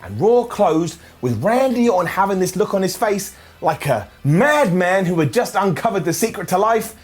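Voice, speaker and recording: A man hosting a wrestling review video, talking in an energetic, sarcastic and jokey way. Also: high-pitched, normal speed. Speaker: wrestling show reviewer and host.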